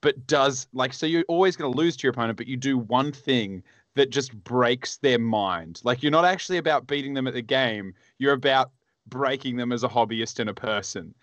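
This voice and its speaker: A man's voice: medium pitch, normal speed, a bit bright, no echo. A rambling, foul-mouthed man from Australia talks in loose, casual chat. His voice is recorded close and dry, with no room sound at all. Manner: rambling, profane, teasing. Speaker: podcast co-host.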